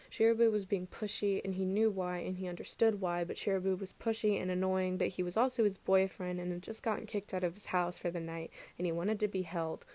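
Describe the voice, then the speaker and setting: A woman reading a fan fiction story aloud as a podfic, in a quiet, low-key way. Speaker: podfic reader.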